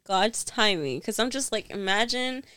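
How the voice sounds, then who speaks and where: A woman's voice: medium pitch, moderate pace, smooth, no room sound, clean studio sound. A young woman telling a story bluntly and with energy in a casual chat. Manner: blunt, animated retelling.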